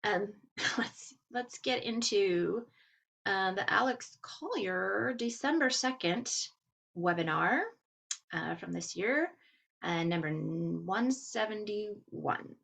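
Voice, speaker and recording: A woman with a Texas drawl chats on her own podcast in an easygoing, rambling way, filling her pauses with ums. She talks as if to friends, now and then breaking into a small laugh. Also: medium pitch, expressive, vocal fry, a bit bright, breathy edge. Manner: chatty, with frequent ums and laughs. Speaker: podcast host. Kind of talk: casual chat and reading aloud.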